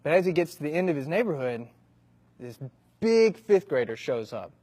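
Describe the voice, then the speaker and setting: A man telling a long comic story in a relaxed, conversational way. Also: a little high, normal speed. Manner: relaxed, conversational with animated shifts. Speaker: comedic storyteller. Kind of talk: stand-up style joke narration.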